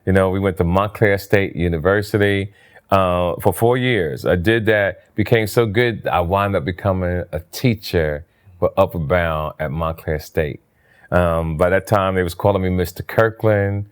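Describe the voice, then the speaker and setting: Man, low voice, animated storyteller, casual interview, high jumps for quoted lines. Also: moderate pace, smooth. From New Jersey. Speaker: interview guest, comedian.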